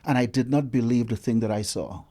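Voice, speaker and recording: A man, a guest researcher telling a story in a casual interview with lively, dramatic delivery. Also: mid-range voice, a little fast.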